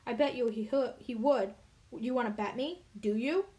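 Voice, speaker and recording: A woman's voice: on the high side, moderate pace, warm tone, natural voice. A woman reading aloud as a hyper, goofy schoolboy who rambles insistently.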